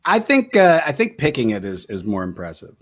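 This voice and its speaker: Man, dry joking manner, casual podcast chat, mid-pitched voice. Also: huge pitch swings, a little fast. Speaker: voice actor guest.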